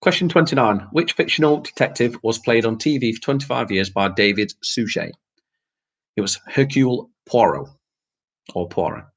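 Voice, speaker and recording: A man's voice: mid-range voice, normal speed, breathy edge. A man hosting an online quiz night, reading out questions and answers in a casual, chatty way with frequent laughs. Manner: casual, chatty, laughs often, mild swearing. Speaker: quiz host.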